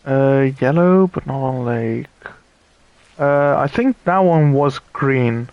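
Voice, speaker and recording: A tired man comments casually on a puzzle game as he plays. He talks slowly with many pauses, thinks aloud and chats to his viewers. His voice sits mid-pitch and sounds dry and close to the mic. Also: no room sound, lo-fi sound. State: tired and yawning. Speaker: streamer playing a puzzle game. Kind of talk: casual let's-play commentary.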